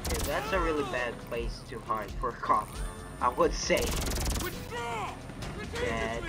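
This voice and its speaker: A young man giving live commentary on a co-op game, excitable and foul-mouthed, yelling at his teammate. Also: mid-range voice, moderate pace, music in the background, poor audio. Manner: excitable, swears a lot, shouts at his teammate. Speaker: gamer playing co-op missions.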